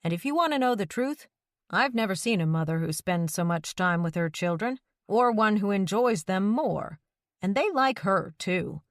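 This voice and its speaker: A woman voicing a quiet widowed man who speaks calmly and tersely, firm when pushed. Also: mid-range voice, moderate pace, no echo, clean studio sound, close to an everyday voice. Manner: calm, plain-spoken, terse.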